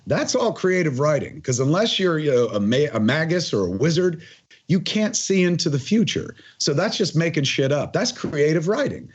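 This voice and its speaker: A man in his forties speaks as a podcast guest, husky and a bit breathy. His pitch swings widely as he rambles emphatically and swears freely. The audio is muffled and lo-fi. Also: big pitch swings, normal speed. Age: 40s. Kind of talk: casual conversational interview.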